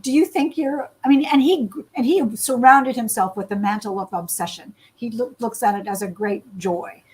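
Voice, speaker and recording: A woman's voice: a little high, moderate pace, hardly any pauses, husky, low-quality recording. A woman interviewing an author in a live online chat, enthusiastic and effusive. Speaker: interviewer, host.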